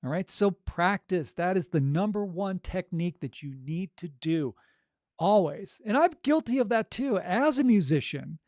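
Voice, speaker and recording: A man's voice: high voice, lively intonation, normal speed, darkish tone, dry recording, studio quality. A man coaching audiobook narrators in a casual, upbeat chat, full of fillers like "you know". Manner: conversational, upbeat, with frequent fillers.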